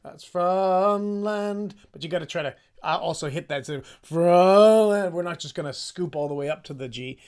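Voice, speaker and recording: A man's voice: on the high side, fairly even intonation, fast, few pauses. A man leading a casual singing lesson, chatty and self-deprecating, explaining the score and singing short phrases to demonstrate. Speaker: choir practice leader.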